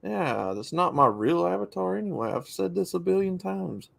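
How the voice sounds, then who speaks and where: A man's voice: high voice, expressive, normal speed, gravelly, crowd noise. A young man chatting casually as a guest, laid-back and noncommittal, with a chuckle here and there. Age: young adult. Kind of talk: casual chat.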